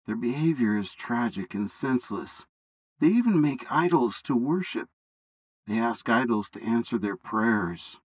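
A man voicing God as a calm, fatherly deity in a bible story reading, speaking steadily and with authority. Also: medium pitch, unhurried, dry recording, rough recording. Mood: grave.

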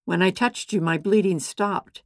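A humble woman, long ill, confessing earnestly and pleadingly, as a narrator puts her on. Low, slow and a little gravelly, recorded dry. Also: dry recording.

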